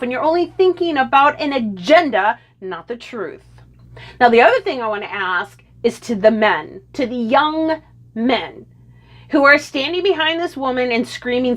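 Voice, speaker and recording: A woman's voice: high voice, lively intonation, moderate pace. A woman delivering an indignant, sarcastic opinion rant and lecturing her listeners. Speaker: political commentator.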